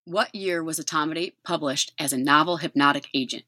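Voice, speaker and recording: A woman emergency physician, a podcast guest, speaking in a brisk, polite and clear way. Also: low-pitched, pushed and bright, soft background music. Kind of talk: podcast interview.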